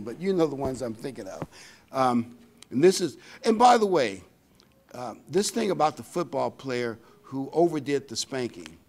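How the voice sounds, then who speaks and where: An older man delivers a sermon in a folksy, conversational style, reading scripture aloud with a lively, rising and falling pitch. He often pauses with fillers while finding the next verse. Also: slight background noise. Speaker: pastor.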